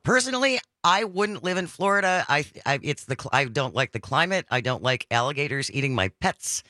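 Lively Midwestern woman radio host. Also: sits low, brisk, no echo, clean studio sound. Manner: lively, reads listener texts aloud. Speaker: radio talk show host. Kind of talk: call-in radio talk. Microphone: studio microphone.

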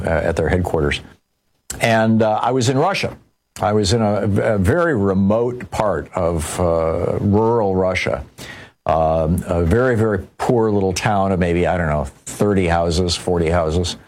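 Older male commentator, lowish voice, rambling talk, lots of restarts and ums. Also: a little mellow. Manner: rambling with frequent restarts and fillers. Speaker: political commentator. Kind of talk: personal storytelling commentary.

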